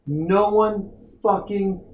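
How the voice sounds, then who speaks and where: A man riffing on a movie with a loud, profane, ranting mock pep talk. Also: high voice, drawn-out words, reverberant, lo-fi sound, slight background noise. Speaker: movie commentary co-host.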